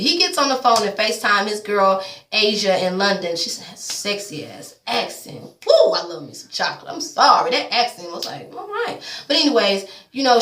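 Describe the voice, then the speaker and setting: A woman's voice: mid-range voice, fairly bright tone, far from the mic. Blunt, chatty woman in an echoey room. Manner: blunt, profane, chatty commentary with frequent asides. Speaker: TV recap vlogger. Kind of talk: casual reality TV recap. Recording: echoey room, voice away from mic.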